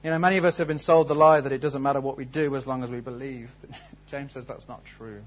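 A man's voice: medium pitch, steady tone, quick pace, dull audio. A man preaching a sermon, telling a story and then asking earnest, searching questions. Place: church service.

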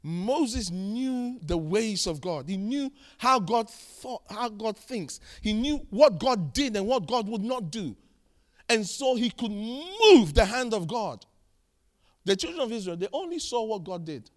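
A man preaching a sermon, emphatic and animated, telling stories and repeating key phrases. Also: sits high, a little slow. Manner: animated storytelling, acting out dialogue.

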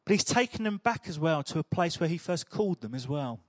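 A man's voice: a little high, animated, fairly quick, no room sound, studio quality. A man preaching a sermon in a chatty, humorous storytelling way.

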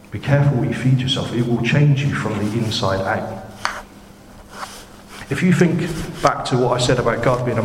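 A man preaching an informal sermon, chatty and conversational, often putting questions to the congregation. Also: mid-range voice. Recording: echoey hall with background noise.

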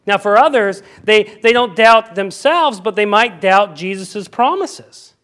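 A male pastor preaching a sermon, animated and emphatic, often repeating himself as he explains scripture. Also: high-pitched, a little slow, few pauses.

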